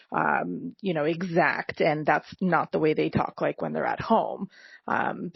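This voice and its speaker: A woman's voice: sits low, gravelly, husky, no room sound, dull audio. A woman co-hosting a podcast, talking in a rambling, conversational way. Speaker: podcast co-host. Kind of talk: casual chat.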